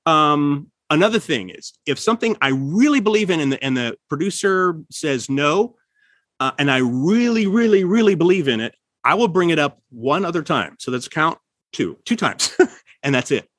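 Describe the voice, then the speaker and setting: A man hosting a casual podcast, giving writing advice and acting out quoted lines with sudden jumps in pitch. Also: animated, moderate pace, a bit bright, dry recording. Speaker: writer and podcast host.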